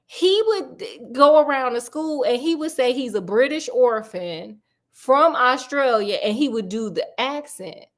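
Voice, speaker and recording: A woman's voice: sits high, animated, a little slow. A woman host telling a true story in a casual, sassy, chatty way, full of slang asides.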